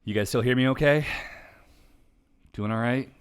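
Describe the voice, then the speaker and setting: A woman author and show host at home, reading her book aloud on a live stream and chatting between passages, earnest, quick, and quick to laugh. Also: a bass voice, clear, resonant tone.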